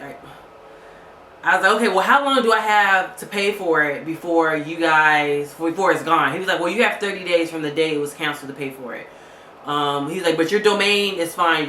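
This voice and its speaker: A woman's voice: low voice, pushed and bright, echoey room, slight background noise. A woman vlogger telling a story casually, angry and fed up, retelling a phone call with lots of quoted back-and-forth.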